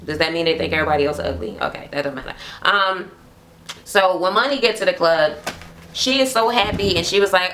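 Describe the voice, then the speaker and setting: A woman's voice: fairly low pitch, fairly quick, a bit bright, a little hiss or hum. A woman casually recapping a reality show for her channel, blunt and profane, laughing often. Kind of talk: casual gossipy recap chat. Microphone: camera mic, talking to camera at home.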